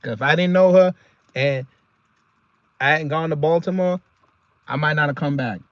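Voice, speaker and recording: A man hosting a casual reaction video, talking in an animated, slangy way and laughing often. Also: a little high, moderate pace, no room sound, lo-fi sound.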